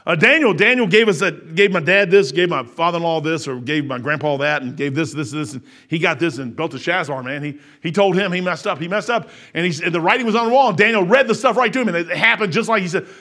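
Emphatic, folksy middle-aged preacher. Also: male voice, on the high side, quick pace, few pauses. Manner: folksy, emphatic, repetitive, swinging between shouts and quiet asides. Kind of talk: sermon.

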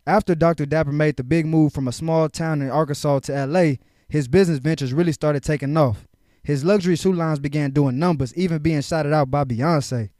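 A man's voice: on the high side, fairly even intonation, a little fast, darkish tone, dry recording, clean studio sound. A young man from Houston hosting a casual podcast, talking in hype, slangy, upbeat bursts. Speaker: podcast host.

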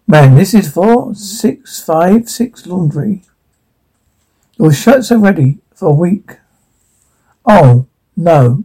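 Script reader, all parts, dark mellow tone, husky, stumbles on words. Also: mid-range voice, slow, pauses often, low-quality recording. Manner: flat read-through with slips and restarts. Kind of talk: reading a comedy script aloud, all parts.

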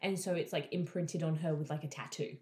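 Chatty low-voiced woman in an echoey room. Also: fairly even intonation, fairly quick, a little mellow. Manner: chatty, swears freely, acts out characters' lines. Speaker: friend retelling a book. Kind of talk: casual chat.

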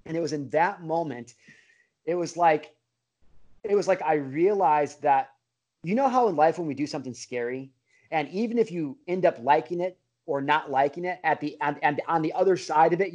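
A man's voice: on the high side, normal speed, a little mellow. A middle-aged man, a podcast guest, telling a story in a casual way, full of bro slang, fillers and restarts. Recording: dull lo-fi audio.

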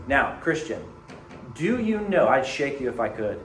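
Animated male pastor preaching in an echoey room. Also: mid-range voice, unhurried, a little hiss or hum. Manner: animated, swings from hushed to emphatic. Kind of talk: sermon.

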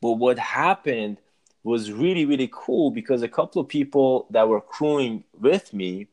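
A man, a musician being interviewed, telling a personal story in a casual, animated way and acting out his own reactions. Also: medium pitch, moderate pace. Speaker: guest, musician.

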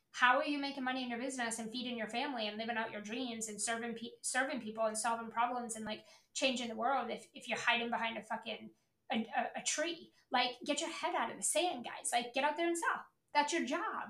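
Her voice sits high with a fairly bright tone, and the space around her is reverberant. A middle-aged podcast host and sales coach, she swears freely and hammers her points home in a brash motivational rant about selling.

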